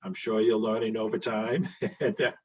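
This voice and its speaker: A man with a Boston accent speaks in a low, husky voice that barely rises or falls. He gives casual, friendly closing remarks over a video call, full of ums and restarts. The call audio is dull and lo-fi. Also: little pitch movement, normal speed, darkish tone. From Boston, USA. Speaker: school committee member co-facilitating. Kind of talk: closing remarks at an online public meeting.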